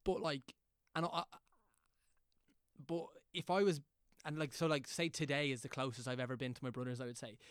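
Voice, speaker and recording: A man's voice: medium pitch, steady tone, a little fast, fairly bright tone, clean tone, no room sound, studio quality. A man hosting a casual chat, speaking hesitantly and thoughtfully with lots of filler words.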